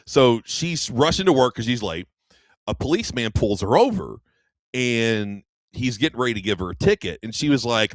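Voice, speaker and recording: A man's voice: medium pitch, expressive, normal speed, dry recording. A man co-hosting a radio show, casually retelling a movie plot and acting out the characters' lines. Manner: rambling storyteller, acts out quoted lines. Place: radio studio.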